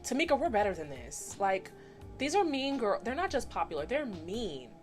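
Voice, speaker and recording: A woman in her twenties giving a chatty, animated recap of a cartoon episode, slipping into voices for the characters. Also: medium pitch, moderate pace, soft background music. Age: 20s. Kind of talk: casual commentary recap.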